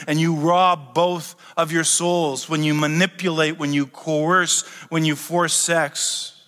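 A middle-aged man preaching a sermon, animated and humorous, rising to excited shouts as he teaches. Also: on the high side, big-room sound. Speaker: pastor.

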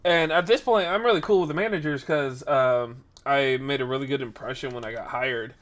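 A man casually telling a rambling workplace story, animated and acting out the voices of the people in it. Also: mid-range voice, a little fast.

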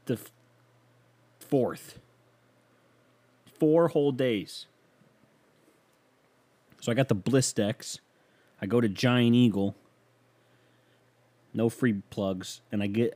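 Using a fairly low, darkish voice, a young man delivers a comedic podcast monologue full of meandering, self-deprecating tales. He records it on a studio microphone.

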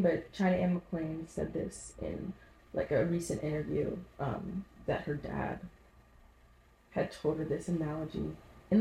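A woman with a low, gravelly voice talks casually as a solo podcast host, telling lively anecdotes and acting out the people in them. Her tone is dark and mellow, and the room around her is echoey. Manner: animated storytelling, acts out voices in anecdotes.

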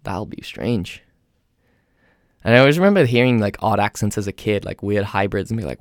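A young man from England with an English accent softened by years in North America, talking in a casual, rambling, self-deprecating monologue. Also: fairly low pitch, brisk, no echo, clean studio sound.

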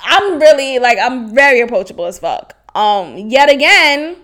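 Frank high-voiced young woman podcaster. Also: normal speed. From Haitian. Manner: frank and animated, laughs often, swears freely. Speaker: podcast host. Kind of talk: candid personal podcast monologue.

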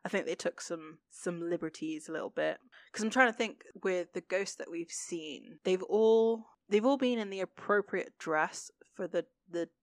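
A low-voiced woman co-hosting a podcast casually recaps a TV episode, rambling with many fillers and restarts. She talks at normal speed, and the sound is dry and close with no echo.

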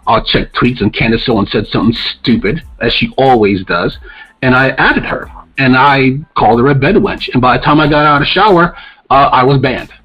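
A man's voice: medium pitch, normal speed, breathy edge, highs cut off. A man co-hosting a podcast in casual, opinionated talk, blunt and profane as he rants. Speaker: podcast co-host.

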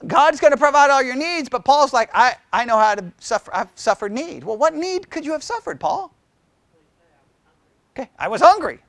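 A middle-aged man leading a Bible study, chatty and animated, often asking the group questions. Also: very high-pitched, normal speed, gravelly, no echo.

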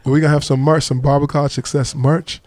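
Male podcast host, casual chat, mellow voice, playful. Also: on the high side, flat delivery, fast, no echo. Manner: laid-back, playful, repeats himself.

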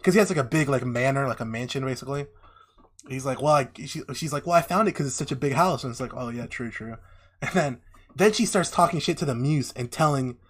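A young man in casual chat, retelling a story with lively acted-out voices and lots of swearing. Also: mid-range voice, quick pace, slightly rough. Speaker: podcast co-host. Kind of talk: casual chat, animated retelling of an anime plot.

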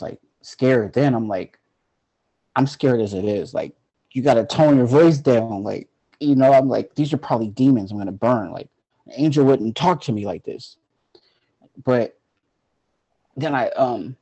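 Husky, mellow-voiced man telling a story. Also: mid-range voice. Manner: loose, filler-heavy telling with frequent "like". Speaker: guest. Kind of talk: casual storytelling.

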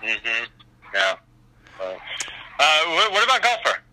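A man's voice: medium pitch, wildly swooping pitch, measured pace, pushed and bright, a little hiss or hum, rough recording. A man from New York calling in to ask questions in a casual interview, friendly and laughing along. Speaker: caller asking questions.

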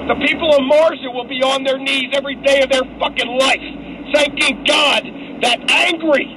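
A man giving a fierce, profane pep talk to fellow Marines, shouting and swearing as he rallies them. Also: very high voice, steady tone, moderate pace. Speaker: Marine rallying troops. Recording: loud crowd and traffic noise.

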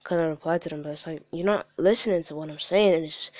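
A man's voice: fairly high pitch, fast talker, few pauses, darkish tone, no room sound. A young man on a podcast, rambling and frustrated, swearing a lot in heavy slang. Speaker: podcast guest. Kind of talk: candid podcast chat. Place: studio.

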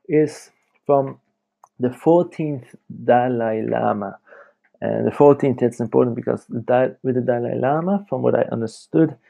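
A man's voice: medium pitch, creaky, warm tone. A young man hosting a casual late-night podcast from home, rambling and chatty, laughing often as he talks. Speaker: podcast host.

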